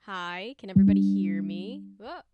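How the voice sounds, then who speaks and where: A woman's voice: medium pitch, expressive, normal speed, highs cut off, crowd noise. A young woman hosting a casual livestream, chatting and greeting viewers by name. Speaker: livestream host.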